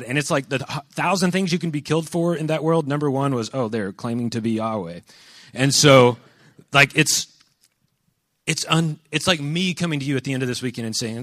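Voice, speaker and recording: A man's voice: medium pitch, fairly quick, fairly bright tone, no echo, clean studio sound. A man giving a casual, conversational sermon, telling stories animatedly and acting out quoted lines. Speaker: preacher. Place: venue with a live audience.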